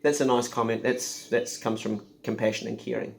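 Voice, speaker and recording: A man's voice: mid-range voice, level tone, moderate pace, gravelly, a little hiss or hum. A middle-aged man, hosting a casual, joking chat at home with his partner. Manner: joking, self-mocking. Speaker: host.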